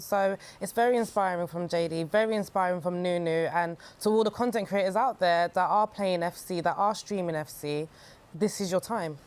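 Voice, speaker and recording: A woman's voice: lowish voice, brisk, a little mellow. Encouraging woman pundit. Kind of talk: studio panel chat.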